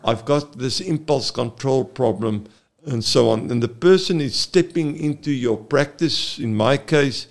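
A man, a therapist, explaining earnestly in an interview, halting often with fillers. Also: mid-range voice. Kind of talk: explaining in a talk-show interview.

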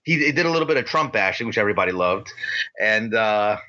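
A man co-hosting a podcast, telling an animated story in a casual, excitable, slangy way. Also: on the low side, fast talker, dull audio. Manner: excitable, slangy, retells with quoted voices. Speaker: podcast co-host.

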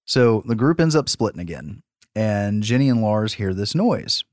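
Profane, laughing movie-recap host. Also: male voice, on the low side, normal speed, dry recording, studio quality. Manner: profane, laughing, animated storytelling. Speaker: podcast host.

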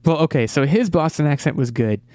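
A man's voice: fairly high pitch, expressive, brisk, a little mellow, dry recording. Guy hosting a movie podcast, trips over his words a lot, dry close sound. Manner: eager, stumbles and repeats words. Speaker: podcast host. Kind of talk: casual podcast movie chat.

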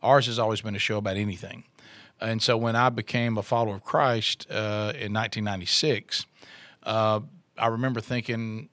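A man's voice: fairly low pitch, fairly even intonation, brisk, fairly bright tone, no echo. A middle-aged man, a radio co-host telling his story in an interview, rambling with restarts and fillers.

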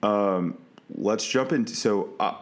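A man's voice: lowish voice, slow. A young man co-hosting a podcast, easygoing and agreeable, often repeating words as he starts. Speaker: podcast co-host. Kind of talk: casual chat.

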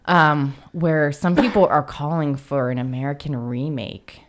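Woman, deep voice, podcast co-host, casual film chat, halting with fillers. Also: steady tone. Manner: hesitant, many fillers and restarts, reads quotes aloud.

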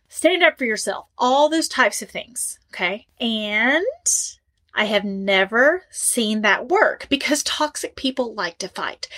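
A woman relationship coach giving direct advice to camera, emphatic and animated, driving her points home by repeating them. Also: a little high.

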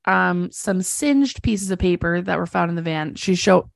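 Give me a gravelly-voiced woman podcast co-host. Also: lowish voice, a little slow, dry recording. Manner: wry, laughs often. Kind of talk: casual chat recapping a TV episode.

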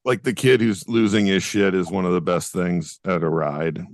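A man co-hosting a casual podcast over a video call, talking in a relaxed, wry way. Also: sits low, moderate pace, no room sound, studio quality. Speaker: podcast co-host. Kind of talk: casual chat.

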